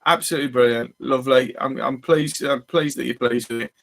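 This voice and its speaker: Brief: male host, mid-pitched voice, rambling and friendly live-stream chat. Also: fairly even intonation, fairly quick, gravelly. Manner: rambling and chatty, greeting viewers as they arrive. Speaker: fishing channel host.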